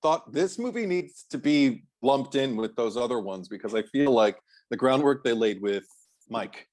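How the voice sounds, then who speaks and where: A man's voice: medium pitch, lively intonation, moderate pace, darkish tone. A man co-hosting a film podcast in casual chat, rambling enthusiastically with many fillers. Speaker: podcast co-host.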